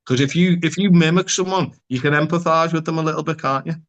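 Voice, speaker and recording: A plain-spoken man with a slightly raised pitch, chatting as a therapist guest on a podcast. He speaks frankly, swears freely and drops in local slang. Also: fast. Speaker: psychotherapist guest. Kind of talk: casual podcast conversation.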